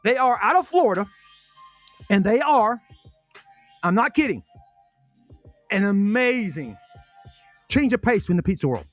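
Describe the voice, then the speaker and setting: A man with a notably high voice hosts a podcast, rattling off sponsor plugs in a folksy, self-correcting patter. He chews food while he talks. Faint music plays under his voice. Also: big pitch swings, unhurried, long pauses. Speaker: podcast host reading sponsor spots. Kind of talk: casual sponsor talk on a podcast.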